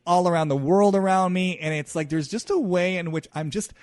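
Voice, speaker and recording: A man hosting a solo podcast, talking in an earnest, searching and halting way. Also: high voice, dry recording, clean studio sound. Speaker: podcast host. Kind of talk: solo introspective podcast monologue.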